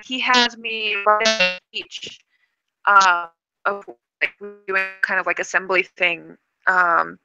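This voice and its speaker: A woman's voice: mid-range voice, slow, clean tone, no room sound, faint music behind, low-quality recording. A woman co-hosting a live stream, chatting casually and telling stories with frequent giggles. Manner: giggly, animated. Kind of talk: casual chat and storytelling. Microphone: computer mic on a video call.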